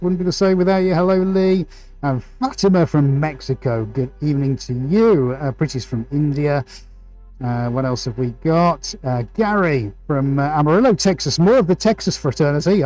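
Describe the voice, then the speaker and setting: A man's voice: fairly high pitch, darkish tone, rough recording. A man hosting a live painting stream, chatting enthusiastically and playfully as he greets viewers. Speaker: livestream host and painter.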